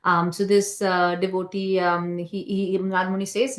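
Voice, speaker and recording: A woman speaks at a temple class and tells a story in a loose, conversational way. She stops and restarts often, fills gaps with "um" and "like", and keeps asking her listeners "right?". Her voice sits at a middle pitch for a woman and rings around a roomy temple hall. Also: fairly even intonation, moderate pace, few pauses. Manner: hesitant, many fillers and restarts.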